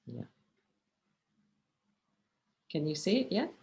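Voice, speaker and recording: A woman's voice: low voice, very animated, slow pace, gravelly, darkish tone, reverberant. A woman meditation teacher giving a chatty, encouraging workshop talk over a video call, often checking in with her listeners.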